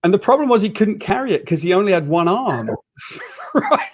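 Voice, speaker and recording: A man's voice: high voice, a little fast. A British man co-hosting a casual chat, telling a self-deprecating anecdote and acting out the lines of the people in it. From Britain. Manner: animated, self-deprecating storyteller who acts out quoted lines. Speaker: co-host.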